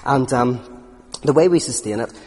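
A man's voice: medium pitch, lively intonation, moderate pace, music in the background. A man giving a conversational talk on philosophy and faith, full of anecdotes, fillers and restarts. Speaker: speaker. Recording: reverberant hall.

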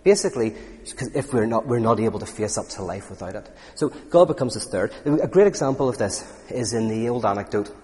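Speaking fairly quickly in a lowish voice, a man tells lively stories during an informal talk to an audience. He keeps restarting as he goes, and the hall adds long reverb.

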